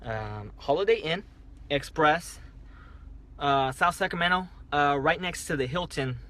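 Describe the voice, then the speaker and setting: A man's voice: on the high side, lively intonation, unhurried, bright, forceful tone. Rambling man on a phone livestream. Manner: rambling, repeats himself, restarts often. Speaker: livestreaming driver. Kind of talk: casual livestream storytelling. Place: parked car at night.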